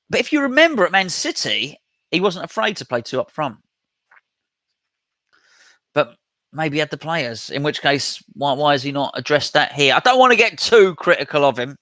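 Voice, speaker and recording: A man's voice: fairly high pitch, pushed and bright, no echo. A man hosting a casual live stream, chatting and reading out viewer comments as he replies. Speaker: host reading live chat.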